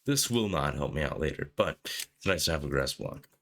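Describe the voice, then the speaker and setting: A young man, hoarse from being sick, rambling casually over gameplay with lots of fillers. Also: rumbling low, expressive, moderate pace, a bit bright. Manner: rambling, filler-heavy, jokey musings. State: hoarse from sickness. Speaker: gameplay commentator. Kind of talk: casual gaming commentary.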